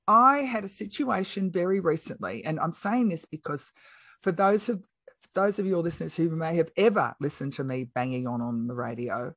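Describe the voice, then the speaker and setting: Her voice sits low, recorded without room sound. A middle-aged podcast guest, she's frank and outspoken while telling a story in casual chat, animatedly acting out the lines of the people she quotes.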